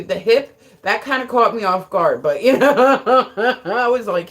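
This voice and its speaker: A woman's voice: medium pitch, big pitch swings, a little slow. Woman streamer, chatty and frank, keeps saying like, jokes around. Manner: rambling, frequent filler words; joking and frank. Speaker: live streamer. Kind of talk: casual live-stream chat.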